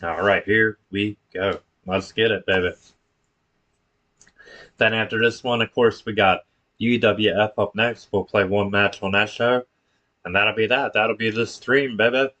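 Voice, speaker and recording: A man's voice: fairly low pitch, fairly even intonation, measured pace, bright, forceful tone, highs cut off. A man streaming a wrestling video game, calling the action play-by-play with casual slang. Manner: casual, hypes viewers with slang.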